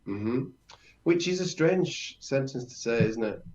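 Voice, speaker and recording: A man's voice: mid-range voice, expressive, a little slow, a little mellow. Inquisitive male learner, dull lo-fi sound. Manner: inquisitive learner, reading out phrases and checking pronunciation. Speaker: co-host learning Italian. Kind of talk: casual language podcast chat.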